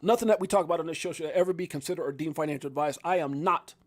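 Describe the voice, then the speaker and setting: A man hosts a casual crypto live stream in a notably high-pitched voice. He rambles from one thought to the next, laughs easily and jumps into loud excited outbursts. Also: racing. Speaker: crypto livestream host. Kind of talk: casual live-stream chat and market rundown.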